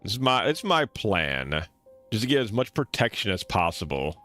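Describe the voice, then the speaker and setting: A man streaming a game, commenting in an excitable, joking way with swearing and laughter. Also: fairly low pitch, moderate pace, faint music behind. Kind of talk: let's-play commentary.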